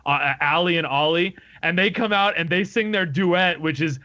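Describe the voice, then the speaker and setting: Bright, enthusiastic man on a podcast. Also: on the high side, normal speed. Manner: enthusiastic, laughs often, quotes lines. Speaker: podcast co-host. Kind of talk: casual podcast discussion. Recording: muffled lo-fi podcast audio.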